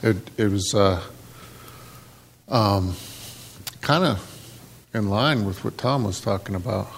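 A man's voice: lowish voice, takes it slowly, vocal fry, big-room sound, a little hiss or hum. A man preaching informally in church, telling a story in a casual way with many fillers.

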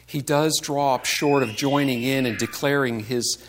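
A man's voice: mid-range voice, fairly even intonation, moderate pace, a little hiss or hum. A man giving a conversational sermon to a congregation, asking rhetorical questions and acting out the complaints he quotes. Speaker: pastor.

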